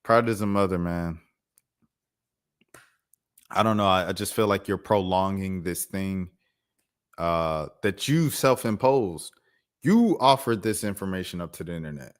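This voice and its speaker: Animated low-voiced man commenting. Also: normal speed. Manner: animated, mocking. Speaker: commentary channel host. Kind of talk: casual live commentary.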